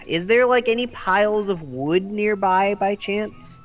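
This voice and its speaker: A man's voice: high-pitched, slow pace, soft background music. A man playing a tabletop game, asking questions hesitantly with many fillers. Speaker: player. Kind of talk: casual tabletop game chat.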